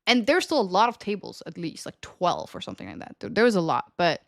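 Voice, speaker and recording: A woman's voice: on the low side, wildly swooping pitch, fast talker, vocal fry, no room sound. Chatty young woman streamer, dry close sound. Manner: chatty, laughs often, swears casually. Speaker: live streamer. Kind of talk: casual storytelling to a stream chat.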